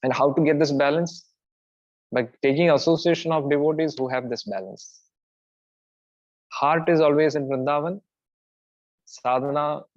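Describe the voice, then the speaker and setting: An earnest man gives a devotional talk in a mid-pitched voice. He laughs softly and restarts his phrases now and then. The recording is dry and a bit dull, with a lo-fi edge. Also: dry recording. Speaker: preacher.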